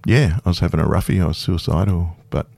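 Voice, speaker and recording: A man's voice: deep voice, fairly even intonation, fast, creaky, a little mellow, no echo. A man in his fifties, a guest speaking candidly and self-deprecatingly in a casual radio interview, laughing easily. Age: 50s. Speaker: guest performer.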